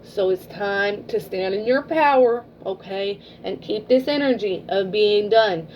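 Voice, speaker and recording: A woman's voice: mid-range voice, unhurried, darkish tone, lo-fi sound, a little hiss or hum. Blunt, foul-mouthed woman reading tarot. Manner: blunt, swears freely, keeps checking in with "okay?". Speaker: tarot reader. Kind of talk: casual tarot reading to camera.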